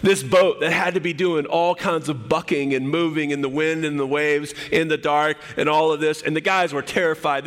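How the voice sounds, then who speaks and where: Animated preacher in a reverberant hall. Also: male voice, fairly high pitch. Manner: animated storytelling, repeats words, restarts. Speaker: pastor. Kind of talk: sermon.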